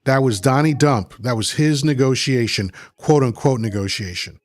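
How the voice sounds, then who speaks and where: A man's voice: mid-range voice, normal speed. A man hosting a livestream, reading chat comments aloud and arguing with them in a combative, mocking way, often repeating himself. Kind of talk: heated political rant.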